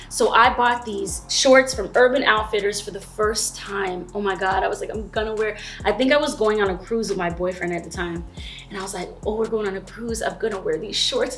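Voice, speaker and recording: A woman's voice: medium pitch, a bit bright, slight background noise. A woman in her thirties telling her own story in a candid, chatty vlog, with slangy asides to the viewer. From Florida. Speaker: vlogger.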